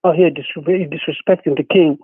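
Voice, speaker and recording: Worked-up guy cussing on a tinny phone line, high voice, dry sound. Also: fairly even intonation, moderate pace, breathy edge, dry recording. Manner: profane, repetitive, worked-up. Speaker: caller. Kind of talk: angry phone-in rant.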